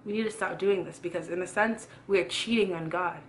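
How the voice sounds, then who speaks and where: A woman's voice: fairly low pitch, a little fast, slight background noise. Earnest young woman preaching to camera. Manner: earnest, preachy, repeats phrases for emphasis. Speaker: youth Christian vlogger preaching. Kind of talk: casual sermon.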